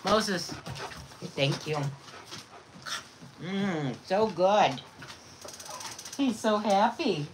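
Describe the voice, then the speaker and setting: A woman's voice: mid-range voice, animated, very slow, pauses often, slight background noise. A woman chatting casually to viewers and doting on her dogs in baby talk. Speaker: vlogger. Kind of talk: casual chat to viewers and pets.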